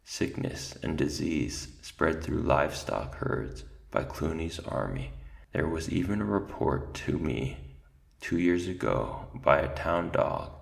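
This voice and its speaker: A man's voice: rumbling low, expressive, takes it slowly, vocal fry, heavily acted. A man voicing an ancient, absent-minded male mouse archivist who mumbles asides and then recites grimly in a storybook reading. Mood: grave.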